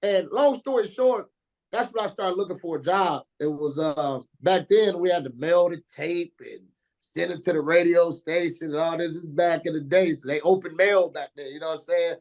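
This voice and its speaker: A man in his forties from Indiana, a radio DJ telling stories as an interview guest in slangy, animated speech, acting out the people he quotes. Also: a little high, moderate pace. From Indiana, USA. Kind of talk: casual storytelling interview.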